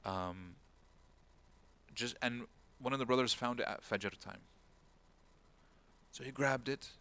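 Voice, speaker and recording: Speaking slowly in a medium-pitched voice that sounds pushed and bright, a man delivers an informal, talk-style religious lecture as an imam. He tells a story, acting out its characters with a raised voice, and drops Arabic words and phrases into his speech.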